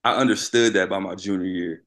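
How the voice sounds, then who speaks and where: A high school coach who played basketball in college spins animated stories during a casual interview, talking fairly quickly. He constantly checks in with his listener by asking "right?"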